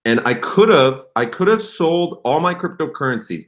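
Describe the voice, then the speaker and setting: A young man hosting a casual livestream, talking in an excitable, rambling way and reading comments aloud. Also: fairly high pitch, normal speed. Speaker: crypto livestream host.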